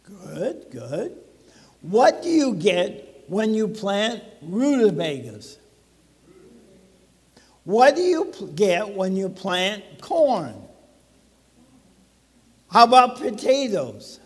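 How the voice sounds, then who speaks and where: A man's voice: high voice, very animated, drawn-out words, long pauses, in a large hall. A man pastor preaching a sermon to his congregation in a conversational way, putting questions to the listeners. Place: church sanctuary.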